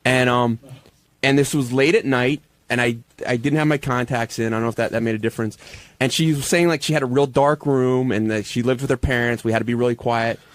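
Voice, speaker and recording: A man telling a story on a radio talk show, halting and stammering as he goes. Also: medium pitch, steady tone. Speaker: show staffer.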